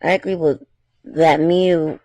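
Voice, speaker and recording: A man's voice: a little high, steady tone, takes it slowly, darkish tone, no echo. A man reading fan fiction aloud, with chatty, apologetic asides between the passages.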